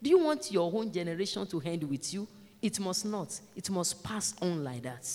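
A woman's voice: on the low side, expressive, moderate pace, darkish tone. A woman preaching a sermon in a church, urging and repeating her points to the congregation. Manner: emphatic, repeats exhortations, addresses the congregation directly. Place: large church. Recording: long church reverb.

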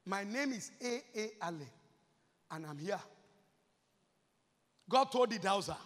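A man's voice: very high-pitched, normal speed, sharp tone, big-room sound. A man preaching a sermon as pastor, impassioned and repetitive.

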